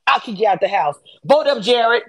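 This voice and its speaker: Sassy animated woman hosting a chat. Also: normal speed, husky. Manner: animated, sassy, acts out quotes with swings in pitch. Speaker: host of a reality TV discussion space. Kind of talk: casual live audio chat.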